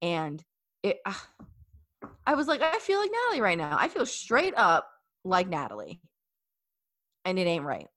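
A young woman in her twenties telling a story in casual chat, animated and full of fillers. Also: fairly low pitch, normal speed, pauses often.

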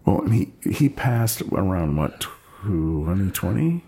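A man with a very deep voice, gravelly and husky, hosts a casual chat. He reacts with short interjections and follow-up questions, and his intonation moves up and down a lot. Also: sing-song, slow, mellow.

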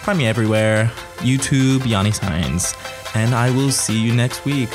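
A man's voice: medium pitch, moderate pace, over music. A young man hosting a casual solo podcast, rambling, swearing freely and joking at his own expense. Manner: rambling, profane, jokey. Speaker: podcast host.

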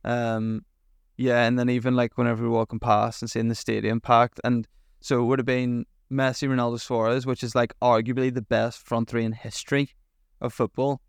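A young man chats on a podcast, rambling through his stories with fillers and the odd swear. His voice is gravelly yet smooth and resonant, kept in a flat, even pitch. The sound is close and dry. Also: normal speed, no echo. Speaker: podcast co-host. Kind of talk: casual chat.

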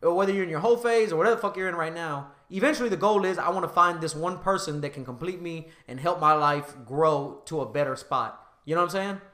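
A man's voice: on the high side, fast, hardly any pauses, bright, forceful tone, reverberant. A man with a Southern US accent, hosting a podcast, talking casually in a bold, emphatic, profane way. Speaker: podcast host. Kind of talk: casual chat.

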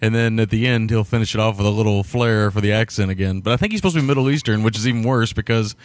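A man co-hosting a casual film podcast, talking quickly and rambling, with frequent laughs. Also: fairly low pitch. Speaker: podcast co-host.

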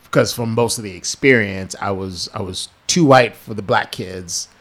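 A man talking in a casual conversation, measured and reflective. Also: fairly low pitch, fairly bright tone. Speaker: conversation partner.

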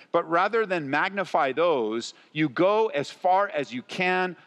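A male pastor preaching a sermon, acting out worried parents in quick asides and moving between loud emphasis and quiet appeals. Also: on the high side. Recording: long reverb of a large hall.

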